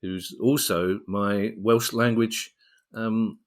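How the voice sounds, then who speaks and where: A man's voice: fairly low pitch, fairly even intonation, takes it slowly. A man hosting a podcast, introducing stories in a casual, jokey way and handing questions to his co-host. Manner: jokey, laughs while presenting stories.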